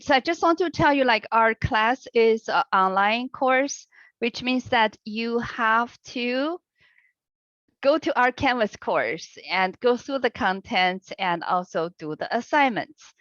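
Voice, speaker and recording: A woman teaching an online language class over a video call, with a patient, encouraging manner and unhurried explanations. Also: on the high side, animated, a bit bright, dry recording. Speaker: online Chinese language instructor. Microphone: computer mic on a video call. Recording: lo-fi video-call audio, dry.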